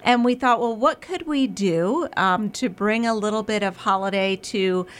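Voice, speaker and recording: A woman, a guest on a radio show, talking warmly and eagerly with many ums and restarts. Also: mid-range voice, moderate pace. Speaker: radio guest, museum marketing director. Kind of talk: casual radio interview.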